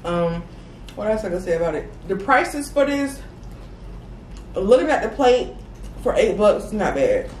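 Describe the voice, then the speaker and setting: A woman's voice: medium pitch, sing-song, unhurried, pauses often, a little mellow, slight background noise. A woman talking casually about the food between bites in a mukbang video. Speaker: mukbang guest. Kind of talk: casual eating chat. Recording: roomy audio from a distant mic with faint music. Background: faint music.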